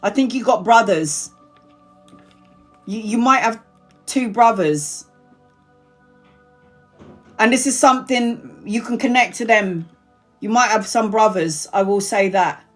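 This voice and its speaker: A woman's voice: medium pitch, slow pace, long pauses, soft background music. A woman giving a live-stream tarot reading, chatty and blunt, swearing freely and calling viewers honey and sweetheart. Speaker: tarot reader.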